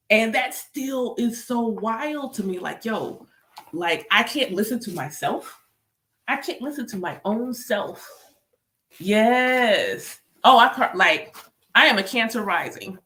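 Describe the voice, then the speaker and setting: A woman vlogging casually about spirituality as a medium, emphatic and animated, repeating phrases and laughing easily. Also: mid-range voice, unhurried, reverberant. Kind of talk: casual spiritual chat to camera.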